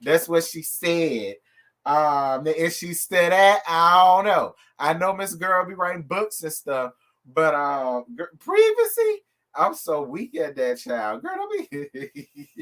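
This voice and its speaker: A man with a slightly high-pitched voice hosts a live review from his home. He talks in an animated, sassy, gossipy way and keeps calling his viewers y'all and girl. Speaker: host of a reality TV live review show. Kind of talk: casual live commentary.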